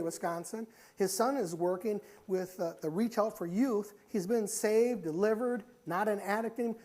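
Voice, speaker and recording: A man's voice: high-pitched, a little mellow. A man preaching a sermon in a church, impassioned and repetitive, telling stories and calling his listeners forward. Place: church sanctuary.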